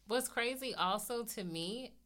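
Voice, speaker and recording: A woman from California in a casual podcast chat, talking in a chatty way and growing animated when she quotes her own reactions. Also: on the high side, unhurried.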